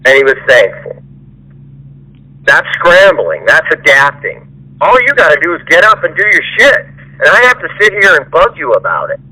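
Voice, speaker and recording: A man's voice: on the high side, sing-song, normal speed, bright, forceful tone, no echo. A man on a recorded phone call, lecturing the person who works for him in an angry, profane rant. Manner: profane, ranting, mocks the listener in whiny voices. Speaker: employer.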